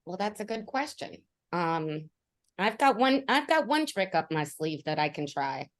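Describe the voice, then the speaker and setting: A woman playing in an online tabletop game, thinking aloud with tentative pauses. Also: on the low side, very animated. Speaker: player. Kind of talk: online tabletop role-play.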